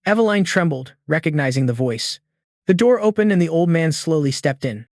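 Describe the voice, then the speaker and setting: A man narrates a story recap in a steady, scripted way. His voice sits fairly high. The recording is dry and close. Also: a little fast, dry recording.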